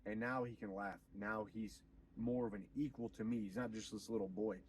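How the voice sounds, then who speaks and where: A man streaming, retelling a story in an animated, profane, preachy way. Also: lowish voice, moderate pace, far from the mic, slight background noise, low-quality recording. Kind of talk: casual storytelling on a livestream.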